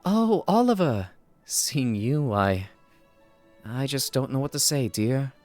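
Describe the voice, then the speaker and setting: Man playing a kindly older woman shopkeeper, soft-spoken, doting. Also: medium pitch, expressive, takes it slowly, faint music behind. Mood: motherly. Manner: soft, motherly, calls people dear.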